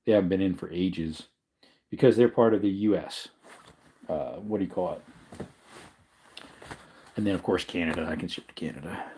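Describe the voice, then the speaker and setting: A man's voice: low voice, moderate pace, long pauses, slight background noise. A man hosting a casual livestream, talking in a rambling way and correcting himself, tired and yawning. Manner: rambling, self-correcting, relaxed. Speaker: livestream host.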